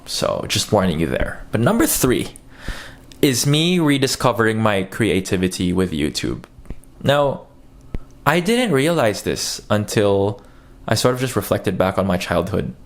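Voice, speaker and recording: A man from the Philippines with an American accent, telling stories in a casual vlog and acting out the quotes. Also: fairly low pitch. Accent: American English. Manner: chatty storytelling, acts out quotes. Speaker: YouTuber.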